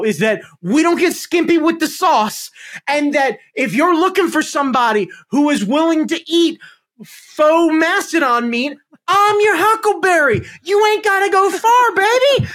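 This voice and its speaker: Ranting, high-voiced, profane man. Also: lively intonation, a little slow, fairly bright tone. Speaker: podcast host. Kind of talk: casual chat.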